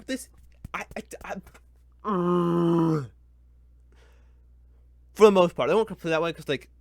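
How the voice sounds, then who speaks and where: A man's voice: high-pitched, no room sound. Exasperated young man ranting. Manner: exasperated, ranting, muttering then loud. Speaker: reviewer. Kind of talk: live blind reaction.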